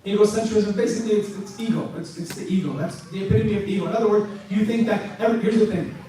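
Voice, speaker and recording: A man answering questions from a congregation in a lively, sarcastic, joking talk, his voice tiring. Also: high-pitched, fast talker. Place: mosque hall. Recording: echoey hall from far off.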